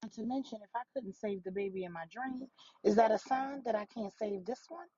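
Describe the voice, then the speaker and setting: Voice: medium pitch, brisk, lo-fi sound, a crowd in the background, close to an everyday voice. A storyteller voicing a frightened mother in hiding. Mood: anxious. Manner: quiet, shaken, tearful. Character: distressed woman, a mother in hiding.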